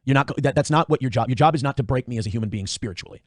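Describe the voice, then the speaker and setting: A man's voice: mid-range voice, racing, dry recording, studio quality. A man hosting a casual livestream, reading out viewer donations and rambling in a profane, self-interrupting way. He is a father of young kids. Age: adult father of young children. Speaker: livestream host.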